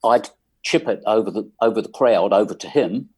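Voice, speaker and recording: Low husky English man. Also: a little mellow. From England. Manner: unhurried, wry anecdotes with many ums. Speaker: musician guest. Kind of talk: casual interview storytelling.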